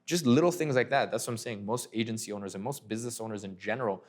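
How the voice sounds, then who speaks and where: A young man telling his business story in an interview, animated and full of fillers, acting out conversations. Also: lowish voice, fast. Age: young adult. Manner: animated, filler-heavy, acts out dialogue. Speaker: agency owner guest.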